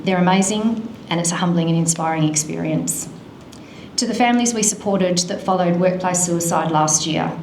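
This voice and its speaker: A woman's voice: fairly low pitch, darkish tone, a little hiss or hum. Earnest woman in an echoey hall. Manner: earnest, emotional, slow and measured. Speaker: charity speaker. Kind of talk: speech at an event.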